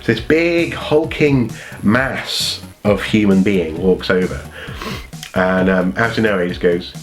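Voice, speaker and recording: Man with a cold, casual storytelling, meandering, self-correcting, lowish voice, faint music behind. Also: normal speed. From North Wales. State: has a cold. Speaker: vlogger.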